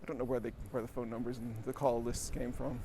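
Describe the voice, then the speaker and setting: A man's voice: mid-range voice, level tone, fast, dark tone, a little hiss or hum. A man telling a rambling, self-deprecating story with little chuckles while riding a bike outdoors, out of breath. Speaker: vlogger. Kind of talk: casual storytelling while cycling.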